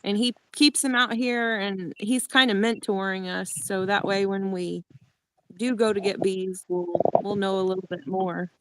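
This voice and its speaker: A woman co-hosting a casual chat, reading viewer comments aloud in a relaxed, easygoing way. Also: medium pitch, moderate pace, a little hiss or hum.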